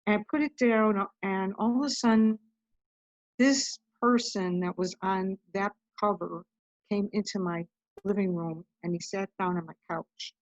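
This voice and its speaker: A woman with a mid-range voice speaks at a measured pace as a podcast guest, telling a personal story in a chatty, casual way and often saying "I'm like." The audio has no echo, but the highs are cut off.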